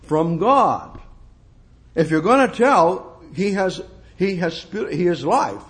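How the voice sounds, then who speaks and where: A preacher with a slightly high voice works through scripture verse by verse. He reads the text slowly and deliberately, then fires off rhetorical questions that leap from quiet asides to emphatic declarations. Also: wildly swooping pitch. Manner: emphatic, rhetorical questions, swings between soft and exclamatory. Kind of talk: expository sermon.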